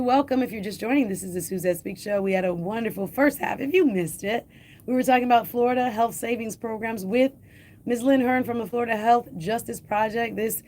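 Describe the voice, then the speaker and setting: A radio talk show host, a woman with a slightly high voice, speaks urgently to her listeners. She is emphatic and repeats her key points, asking rhetorical questions and addressing the audience directly. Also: darkish tone.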